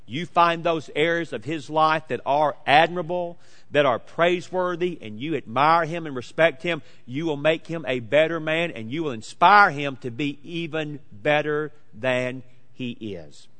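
A man in his late forties preaching a sermon, emphatic and swinging between loud declarations and hushed asides. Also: fairly high pitch, unhurried, in a large hall. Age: 40s. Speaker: pastor.

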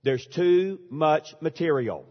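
A man with a high voice delivers an emphatic sermon, leaning on dramatic pauses. His words ring out with a long reverb in a large church sanctuary. The recording sounds dull and muffled. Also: lively intonation. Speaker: pastor.

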